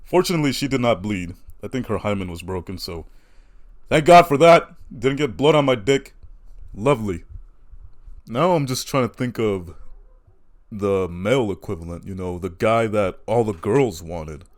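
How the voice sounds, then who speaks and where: A man's voice: lowish voice, animated, moderate pace. A man doing a stand-up comedy routine, telling crude, self-mocking stories.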